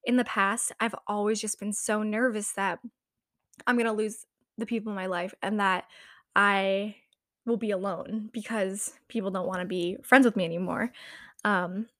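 A woman's voice: medium pitch, fairly bright tone, dry recording, clean studio sound. A young woman talking casually and rambling, with lots of filler words and frequent laughs. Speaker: vlogger. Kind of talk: casual confessional chat.

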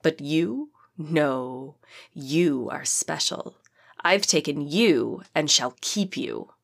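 An ancient female demon spirit gloats in a low, drawn-out voice, as a woman narrator puts her on. She savors every word with slow, seductive menace. This is an audiobook read. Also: lively intonation, creaky, full character voice. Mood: menacing, gloating. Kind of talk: audiobook character reading.

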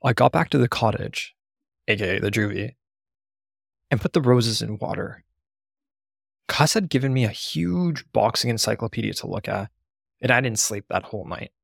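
A man reads a first-person memoir aloud, blunt and unafraid of profanity. His voice has a gravelly, husky edge. The recording is dry and close, with no room sound. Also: on the low side, lively intonation, moderate pace, long pauses, fairly bright tone, no echo. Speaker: narrator.

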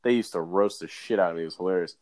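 A man's voice: deep voice, racing, a little mellow, no room sound. A young man co-hosting a podcast, rambling and joking in casual chat. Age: young adult. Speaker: podcast co-host.

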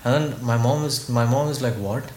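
Podcast guest, young man, animated storyteller who cusses a lot, mid-pitched, recorded in a roomy space. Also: a little fast. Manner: animated, swears a lot, mimics his parents. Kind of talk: casual storytelling. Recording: echoey room with faint noise.

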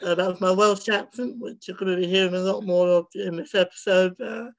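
A man's voice: high voice, level tone, fairly quick, fairly bright tone, low-quality recording. Rambling young man on a podcast. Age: young adult. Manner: rambling, lots of fillers and restarts. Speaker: podcast guest. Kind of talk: casual podcast chat.

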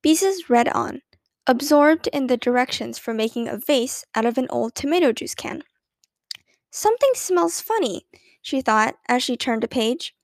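Woman reading a kids' story aloud, high voice, dry close sound. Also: moderate pace, dry recording. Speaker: audiobook narrator. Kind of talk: storybook narration.

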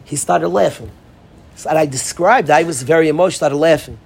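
A man giving an informal talk to dorm counselors, animated, acting out quoted voices and often restarting his sentences. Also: on the high side, a little fast, vocal fry, slightly rough. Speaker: yeshiva speaker addressing dorm counselors.

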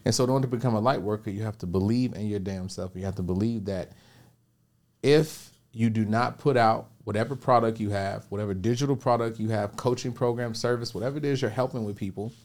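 A man, a podcast guest and business coach, telling a personal story and giving motivational advice in an animated way, acting out the voices he quotes. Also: on the low side, fast.

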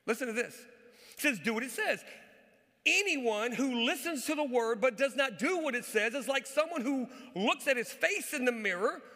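A man with a high, bright voice delivers an animated sermon, driving home his points by repeating them. He is recorded live in a church, with a long reverb trailing behind his words. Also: moderate pace. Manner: animated preaching, repeats key phrases for emphasis. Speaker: pastor. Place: church sanctuary.

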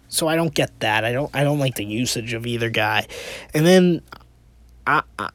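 A man's voice: medium pitch, expressive, moderate pace. A man hosting a casual opinion podcast, rambling with restarts and rhetorical questions, sounding exasperated. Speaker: podcast host.

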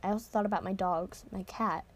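Casual woman reader, mid-pitched, breaks off for offhand asides, informal novel read-aloud. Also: fairly even intonation, a little fast. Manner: casual asides, occasional cursing and restarts.

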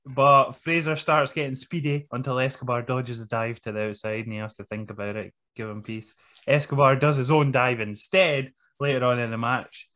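A man's voice: medium pitch, steady tone, normal speed, sharp tone. A man co-hosting a casual podcast chat, laughing often, swearing and joking as he recaps a show. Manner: laughs often, swears, does mocking voices. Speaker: podcast co-host.

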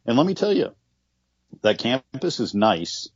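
A man's voice: medium pitch, unhurried, husky, dry recording, lo-fi sound. A man co-hosting a podcast, chatting casually about college football with many fillers and restarts. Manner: relaxed, conversational, with many fillers. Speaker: podcast co-host. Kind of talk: casual sports chat.

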